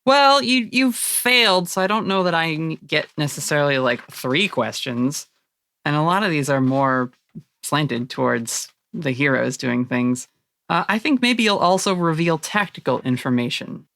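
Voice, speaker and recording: Woman GM with a gravelly voice, animated tabletop narration, dry close recording. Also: low voice, normal speed, dry recording. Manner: lively, laughs often, voices characters. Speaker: game master.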